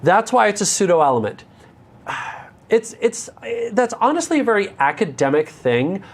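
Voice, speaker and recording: A man's voice: high voice, sing-song, moderate pace. An American man teaching a live coding lesson, candid and self-deprecating, with joking asides. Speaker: instructor.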